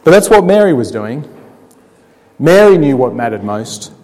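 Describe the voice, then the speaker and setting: A man preaching a sermon, telling the story dramatically with rhetorical questions, slowing down and dropping quiet to make points. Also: mid-range voice, sing-song. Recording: long hall reverb.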